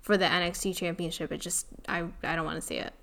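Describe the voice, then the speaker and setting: A woman's voice: fairly low pitch, steady tone, quick pace, creaky, fairly bright tone. A woman co-hosting a casual chat show, speaking in a blunt, dismissive way. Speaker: podcast co-host.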